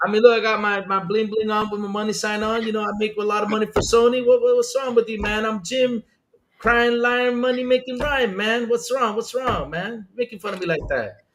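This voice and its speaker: A man's voice: high-pitched, a bit bright. A man hosting a casual gaming podcast, joking around and calling everyone brother. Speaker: podcast host.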